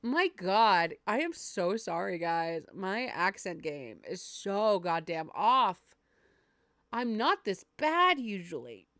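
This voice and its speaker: A woman's voice: medium pitch, big pitch swings, slow pace, a bit bright, dry recording, clean studio sound. A young woman streaming a game playthrough, reading the dialogue aloud and talking casually, swearing and mocking herself.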